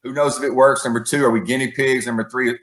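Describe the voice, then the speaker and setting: A man's voice: medium pitch, steady tone, fast, fairly bright tone. A man co-hosting a podcast as the coach, ranting in casual chat and counting off his points. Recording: echoey room.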